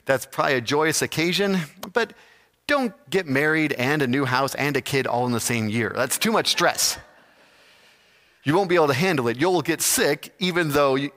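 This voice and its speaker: A man giving a slow, reflective, sermon-like talk with pauses. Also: mid-range voice, expressive, a bit bright, in a large hall.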